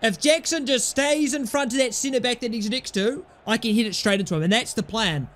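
A man's voice: extremely high pitch, fairly quick, a bit bright. A young man playing a football video game and commentating, frustrated and swearing at his players. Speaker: gaming YouTuber.

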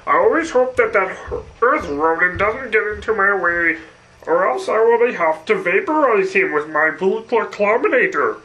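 Man doing a fussy nasal cartoon alien villain, high and bouncy. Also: expressive, unhurried, background noise. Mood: scheming.

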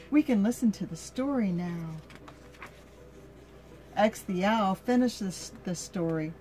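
An older woman reading a picture book aloud to her grandchild, slow and gentle, stopping to ask the child questions. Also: medium pitch, animated, faint music behind.

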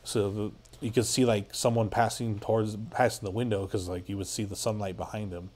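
A man's voice: on the low side, flat delivery, brisk, a little mellow. A man guesting on a podcast, telling a story in a rambling, casual way full of filler words and swearing.

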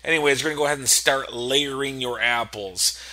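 A man's voice: medium pitch, brisk, bright, forceful tone. A young man talks through a home baking recipe in a loose, unscripted way. He rambles, corrects himself, and drops irreverent jokes between the steps. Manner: laid-back and rambling, with many fillers and self-corrections; jokey and irreverent asides. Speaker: home cooking instructor. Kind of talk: casual cooking tutorial voice-over.

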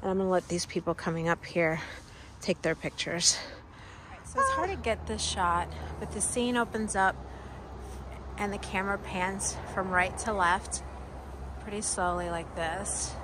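A woman's voice: medium pitch, animated, a little slow, noisy background. Breathless, gushing woman vlogging outdoors. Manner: gushing, exclaims often, laughs. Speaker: travel vlogger. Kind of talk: excited walking vlog. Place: outdoors in cold weather, on a street.

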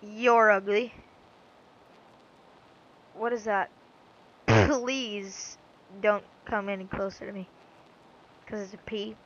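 A woman's voice: mid-range voice, slow, pauses often, muffled recording, a little hiss or hum. A woman giving rambling, goofy, self-mocking commentary while she plays a game. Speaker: let's-play gamer. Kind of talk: casual gameplay commentary.

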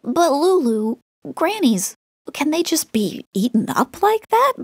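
A woman voicing a small, curious child asking anxious questions in an animated storybook. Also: high-pitched, takes it slowly, no room sound, exaggerated voice. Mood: worried.

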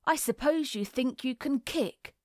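A woman's voice: high-pitched, a little slow, darkish tone, no room sound, clean studio sound. A woman voicing a rude, blustering young boy who growls and bawls at the other children in a storybook reading. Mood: surly. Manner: growling, bawling.

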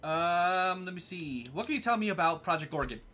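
A man hosting a let's-play, giving casual commentary in a quick, sarcastic, reactive way. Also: high voice, lively intonation, pushed and bright. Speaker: gameplay host.

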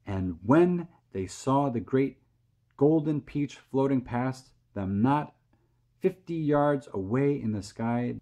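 Slow, mellow man reading aloud. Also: mid-range voice. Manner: calm, steady reading. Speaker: storyteller reading a children's book. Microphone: close camera mic.

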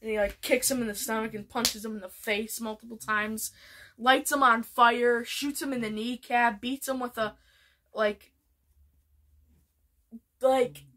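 A woman vlogger chatting about her favorite shows in an excitable, rambling way. Her voice is bright and a little high, with lots of fillers and restarts. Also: measured pace, pauses often. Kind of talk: casual show ranking.

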